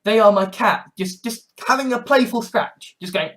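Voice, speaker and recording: A man in his twenties in a rambling vlog monologue, halting and sardonic, with many restarts. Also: sits high, a bit bright. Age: 20s. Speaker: vlogger.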